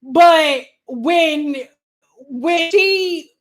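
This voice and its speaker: A young woman with a high voice tells a salon story to her viewers. She talks in an animated, casual way, with plenty of fillers and swearing. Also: very slow. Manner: animated, profane, full of fillers. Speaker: hair stylist.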